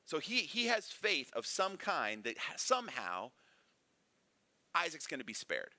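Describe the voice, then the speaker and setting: A man's voice: a little high, wildly swooping pitch, measured pace, bright, forceful tone, dry recording. A man teaching a casual Bible lesson in a church classroom, conversational and full of rhetorical questions. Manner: conversational, frequent rhetorical "right?".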